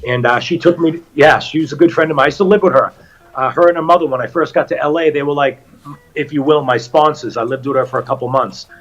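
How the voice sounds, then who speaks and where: A man's voice: on the high side, fast, dull audio. A middle-aged man with a Boston accent, an actor guest chatting casually and telling stories. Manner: animated storyteller, acts out quotes. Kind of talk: casual chat.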